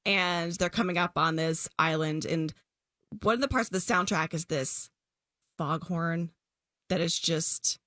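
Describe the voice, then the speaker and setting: A woman with a slightly low voice talks through a film in a loose, animated podcast chat. She laughs easily and keeps the conversation rolling. The sound is dry and close to the mic. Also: measured pace, no room sound. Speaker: podcast co-host reviewing a film. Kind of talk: casual chat.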